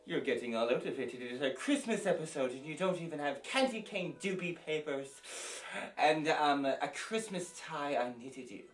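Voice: medium pitch, expressive, normal speed, natural voice. Crude bossy snowwoman puppet, voiced by the host, echoey room, mic far off, music going. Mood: snarky. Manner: crude and blunt. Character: foul-mouthed female snowperson puppet, crude and blunt.

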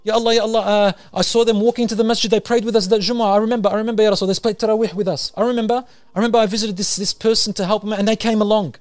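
A man putting on desperate believers who plead frantically for their friends, their voices leaping high and loud. They stammer and repeat themselves as they beg, quick and urgent. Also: fairly even intonation, no echo, lightly acted. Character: desperate believers begging God to spare friends.

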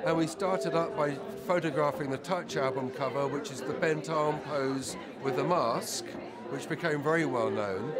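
Fond man photographer amid loud chatter. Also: fairly high pitch. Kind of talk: casual interview. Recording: loud crowd chatter around.

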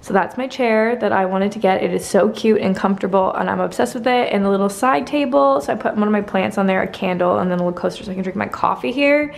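Giggly young woman vlogging at home, gravelly. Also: mid-range voice, fast talker, few pauses. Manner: chatty, giggly, self-mocking. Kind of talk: casual vlog chat to camera. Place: home kitchen and small room, indoors. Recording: noisy home camera audio.

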